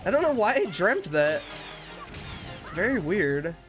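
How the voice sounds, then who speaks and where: A man's voice: sits high, sing-song, normal speed, long pauses, a bit bright. Laid-back swearing streamer, young man. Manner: laid-back, swears often, laughs a lot. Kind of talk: casual chat with viewers. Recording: faint music behind.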